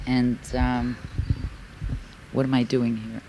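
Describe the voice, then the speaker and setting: A woman's voice: rumbling low, little pitch movement, slow. A woman speaking to a convention crowd, rambling and heartfelt, full of fillers. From New York. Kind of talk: recovery share at a convention. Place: large convention hall. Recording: faint hiss from a 1980s tape.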